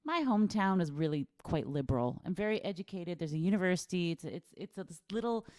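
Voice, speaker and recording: A woman from the United States, chatting as a guest and telling lively stories about her school days. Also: on the low side, fast talker, dry recording, studio quality. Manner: lively storytelling, laughs often, reads viewer comments aloud. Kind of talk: casual chat.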